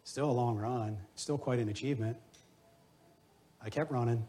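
A man's voice: mid-range voice, moderate pace, dark tone. A middle-aged man preaching a sermon as pastor, earnest and exhorting, weaving in personal stories.

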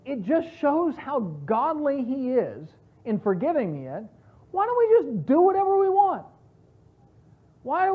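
A woman teaching a Bible study, explaining scripture in an earnest, emphatic way with frequent restarts. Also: fairly high pitch. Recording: tinny phone-like sound.

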